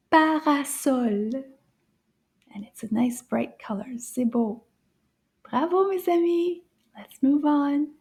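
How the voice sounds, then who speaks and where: Woman, high voice, very slow delivery, kids' French teacher; gasping wonder, whispered asides, stretched-out words. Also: dark tone, slightly rough. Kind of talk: slow, playful kids' lesson.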